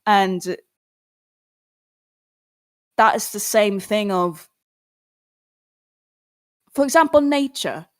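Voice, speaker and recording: A young adult woman, a singer talking casually and earnestly to fans on a livestream, encouraging and animated, with sudden rises in pitch. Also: drawn-out words, pauses often. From Philippines. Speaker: singer and artist answering fans.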